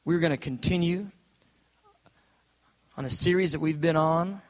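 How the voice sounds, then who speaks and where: A middle-aged man preaching a sermon, moving from an earnest prayer into a lively personal story, intense and direct. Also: a little high, unhurried. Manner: intense, earnest, quotes others in put-on voices.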